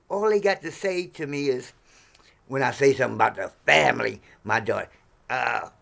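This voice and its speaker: A man in his sixties ranting to camera in a profane, heated monologue, swinging between low mutters and sudden shouts. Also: creaky. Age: 60s. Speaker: vlogger.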